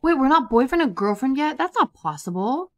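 A woman giving casual, chatty commentary over a life-simulation game, excitable and prone to repeating herself. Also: sits high, fairly quick. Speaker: gaming YouTuber. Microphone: desktop USB microphone.

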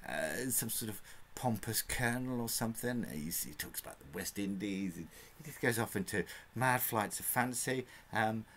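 Deep-voiced man reviewing a book. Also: lively intonation, moderate pace, fairly bright tone, a little hiss or hum. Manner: rambling, chatty, with frequent fillers and chuckles.

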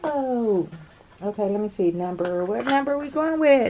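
Excitable chatty woman with a higher voice. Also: unhurried, slight background noise. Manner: chatty, excitable, calls viewers girl and y'all, laughs often. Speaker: nail art vlogger. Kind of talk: casual unboxing chat to camera.

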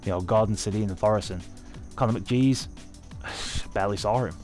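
A young man giving excitable, sweary live commentary over his own hockey video game match. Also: lowish voice, normal speed, soft background music. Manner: sweary, excitable, talking at the screen. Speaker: gaming video host.

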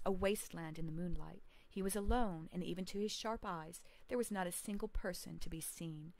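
A woman teaching history at home, reading a text aloud and pausing to explain it in a measured, explanatory way. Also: on the low side, rough recording. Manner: measured, explanatory, adds side comments. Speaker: homeschool teacher.

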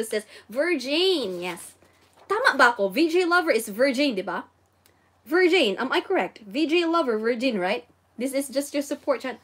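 A woman with a Filipino accent hosting a casual livestream Japanese lesson, bubbly and exclaiming often as she reads viewer comments. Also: sits high. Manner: bubbly, exclaims and giggles often, code-switches. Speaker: livestream host teaching Japanese.

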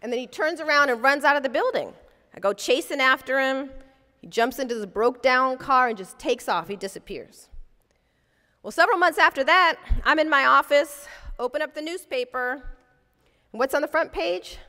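A civil rights lawyer lectures in a large hall, the recording ringing with long reverb, as she vividly recounts a personal story and performs the voices of people she quotes. Her voice sits high, bright and forceful, animated at a normal speed.

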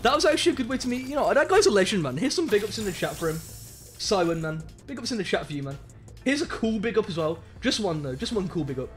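Brief: young Brummie man, game streamer, high bouncy voice, slangy and excitable, hums along often, faint music under him. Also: quick pace. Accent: Birmingham English. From Birmingham, England. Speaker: live streamer. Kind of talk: casual gaming stream chat.

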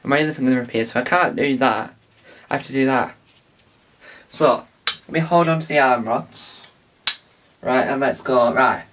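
A man's voice: medium pitch, normal speed, pauses often, fairly bright tone, recorded from a distance, slight background noise. A man hosting a casual tutorial vlog, rambling and restarting with many fillers. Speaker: video host.

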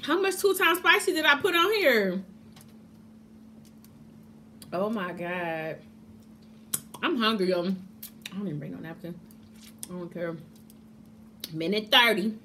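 A woman chatting casually to camera as a mukbang vlogger, excitable and calling her viewers y'all. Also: medium pitch, unhurried, long pauses, a little hiss or hum.

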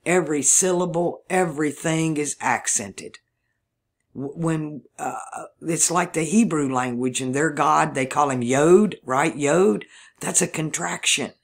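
A man's voice: fairly high pitch, a little slow, creaky, fairly bright tone. A man from Mississippi with a Southern drawl, talking through a rambling solo monologue, thinking aloud and spelling words out letter by letter. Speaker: video channel host.

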